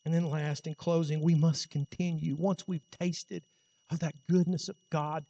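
A male preacher delivering an impassioned sermon, his fairly high voice climbing into loud cries before sinking to a hush. The sound is dull and lo-fi, trailing off in the long reverb of a church hall. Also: little pitch movement, measured pace. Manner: impassioned, rising to loud cries then dropping low.

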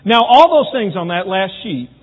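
A man preaching a folksy sermon on marriage, teaching through anecdotes with a husky voice. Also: sits high, very animated, normal speed. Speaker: pastor. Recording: tinny, phone-like, long hall reverb.

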